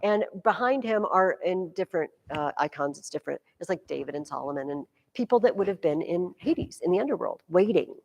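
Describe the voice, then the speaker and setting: A woman teaching a high school class, explaining with energy and acting out quotes dramatically. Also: brisk, creaky, hardly any pauses, in a large hall, muffled recording. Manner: lively, acts out quotes dramatically. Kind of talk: classroom lecture.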